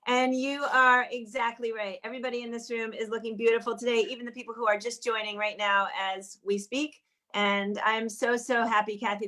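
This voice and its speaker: A woman hosting an online show, closing it with chatty compliments for each person on the call. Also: fairly high pitch. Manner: warm repetitive compliments, chatty. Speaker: host. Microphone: video call.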